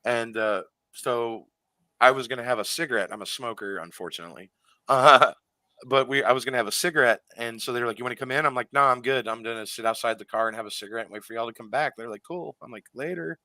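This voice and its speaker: A man's voice: medium pitch, fast, pushed and bright, no echo. A man talking as a radio show guest, telling a story animatedly with plenty of fillers and restarts.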